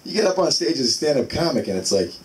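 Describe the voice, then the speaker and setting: A man's voice: a little high, very animated, quick pace. A man in his thirties doing a casual stand-up comedy set, telling self-deprecating stories about his kids. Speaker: stand-up comic. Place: small live comedy venue. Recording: distant mic in a noisy room.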